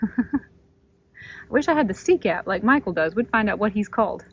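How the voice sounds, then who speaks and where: A woman's voice: medium pitch, animated, normal speed, slightly rough, poor audio. A woman vlogging from a kayak on a creek, gushing and talking to her viewers. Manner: awed, gushing, talks to viewers. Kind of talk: kayaking vlog narration. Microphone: phone camera.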